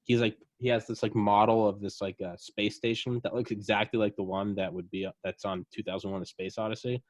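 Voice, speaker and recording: A man chatting casually as a podcast co-host, telling a rambling, animated story full of fillers. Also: on the low side, brisk. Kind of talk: casual chat.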